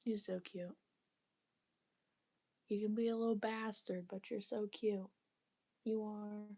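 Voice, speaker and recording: A woman's voice: medium pitch, steady tone, slow pace, creaky, mellow. A young woman chatting casually while cleaning her apartment, rambling with lots of fillers and casual swearing. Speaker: vlogger.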